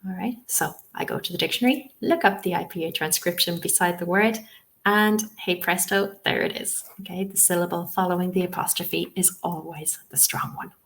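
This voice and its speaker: A woman's voice: on the low side, normal speed, a bit bright. Reassuring woman teaching a webinar. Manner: reassuring, frequent "um" and "okay?" check-ins. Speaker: TEFL trainer. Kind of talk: webinar lesson.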